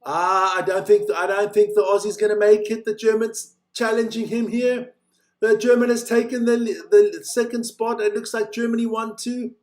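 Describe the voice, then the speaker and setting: A fairly high-voiced man hosts a live watch-along stream, calling snowboard races in a loose, jokey way. He chats casually between heats and gets excitable once a race is under way. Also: normal speed. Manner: chatty, joking, excitable during races.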